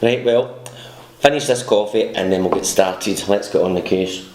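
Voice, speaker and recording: A man's voice: lowish voice, normal speed. A Scottish man, a comedian and host, telling a long joke and bantering, acting out the characters he quotes. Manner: broad storytelling, mimics characters in quotes. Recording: roomy echo.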